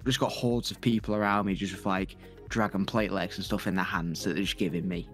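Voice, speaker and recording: A man's voice: deep voice, steady tone, fairly quick, fairly bright tone, soft background music. A young man, teasing his friend and acting out people in his stories. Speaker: co-host. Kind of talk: casual gaming banter.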